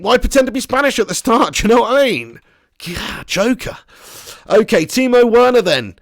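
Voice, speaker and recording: A man's voice: very high voice, lively intonation, moderate pace, no echo, studio quality. A man streaming a football management game live, chatting casually and rambling, laughing as he reads the chat at home. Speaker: gaming streamer.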